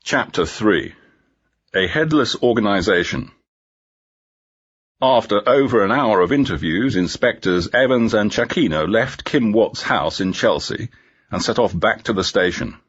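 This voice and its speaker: A man narrating a storybook for English learners in a measured, clear reading, on a dull lo-fi recording. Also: on the low side, expressive.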